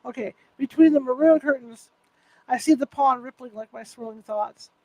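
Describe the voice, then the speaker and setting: A woman's voice: high-pitched, moderate pace, a little mellow, no room sound, lo-fi sound. A woman reading a first-person novel aloud, unpolished, with restarts and self-corrections. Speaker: author reading her novel.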